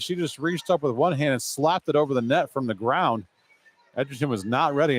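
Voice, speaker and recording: A man calls a school volleyball match live, with a voice of ordinary middle pitch. He talks briskly through each rally and drops in relaxed, chatty asides. Faint ambient noise hums behind him. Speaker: play-by-play announcer. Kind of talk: live sports commentary.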